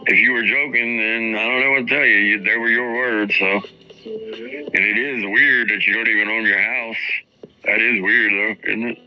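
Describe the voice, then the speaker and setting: A man's voice: lowish voice, fairly even intonation, moderate pace, muffled recording, soft background music. A man hosting a livestream, ranting heatedly and profanely while he talks straight to his chat. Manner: profane, indignant, addresses chat directly. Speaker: livestream host.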